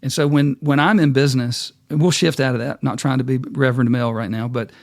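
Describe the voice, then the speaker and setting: A man's voice: medium pitch, fairly even intonation, brisk, no room sound, clean studio sound. A man hosting his own show, telling a fable and drawing folksy, sermon-like lessons in a plain-spoken way. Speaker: host and speaker. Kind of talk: storytelling talk with sermon-like lessons.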